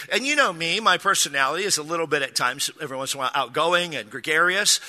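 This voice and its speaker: Middle-aged male pastor, very bright tone, slightly raised pitch, animated storytelling, long church reverb. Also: quick pace, few pauses. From Texas. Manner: animated, self-deprecating, jokey asides. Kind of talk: sermon with humorous storytelling.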